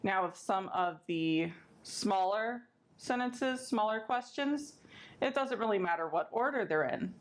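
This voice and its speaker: A woman librarian, teaching a step-by-step sign language lesson in a friendly, clear way. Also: mid-range voice, animated, measured pace. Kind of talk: instructional video lesson.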